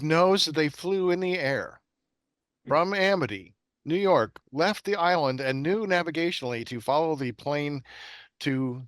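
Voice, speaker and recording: A man's voice: medium pitch, a bit bright, no echo. A man hosting a horror podcast, chatting enthusiastically and rambling with plenty of fillers. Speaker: podcast host. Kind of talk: casual chat.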